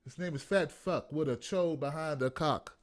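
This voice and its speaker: A man from Washington, D.C., with a somewhat high voice at normal speed, hosts a live call-in commentary show. He reads viewer comments aloud and rants bluntly and mockingly with no filter and plenty of profanity.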